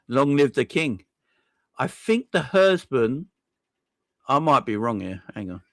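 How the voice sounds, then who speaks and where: A man hosting a casual livestream, thanking viewers one by one in an excitable, effusive way with plenty of slang. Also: mid-range voice, takes it slowly, long pauses, no room sound. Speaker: livestream host.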